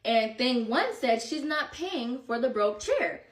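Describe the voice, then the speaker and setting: Animated young woman, echoey and distant. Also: a little high, slow. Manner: animated, exasperated retelling. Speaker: storyteller. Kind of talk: casual storytime vlog. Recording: echoey room, far from the mic.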